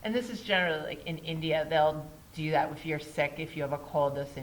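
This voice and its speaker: A woman's voice: sits low, fairly even intonation, fast, few pauses, slight background noise, poor audio. Chatty woman teaching a yoga class. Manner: chatty, often asks "right?", laughs at herself. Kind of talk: casual classroom lecture.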